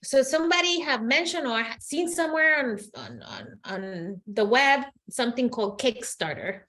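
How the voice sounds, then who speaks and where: A woman producer and guest in an interview, talking in an animated way, laughing often and saying "like" a lot. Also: sits high, normal speed. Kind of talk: interview conversation.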